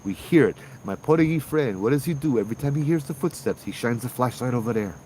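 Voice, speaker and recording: A man with a Hawaii local accent telling a ghost story casually, animated, acting out the voices of people in it. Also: medium pitch, quick pace, a little hiss or hum, rough recording. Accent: Hawaii local English. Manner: animated, acts out voices in dialogue. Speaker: ghost tour guide and storyteller.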